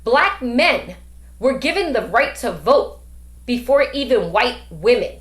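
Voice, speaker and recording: A woman's voice: fairly high pitch, sing-song, a little slow, fairly bright tone. A middle-aged woman and grandmother, a podcast host talking emphatically with many rhetorical questions. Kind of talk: casual discussion. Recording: echoey room.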